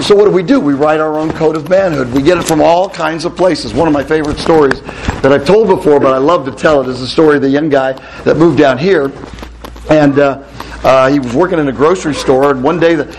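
A middle-aged male pastor giving a lively talk to a room of men, telling stories and putting questions to the crowd. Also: fairly high pitch, a little hiss or hum. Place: hall with a live audience.

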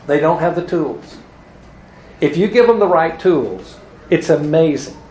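On the high side and a little mellow, this animated man speaks unhurriedly; the rough recording has slight background noise. He preaches to a live group in an evangelism teaching talk, storytelling and playing out quoted voices with a chuckle.

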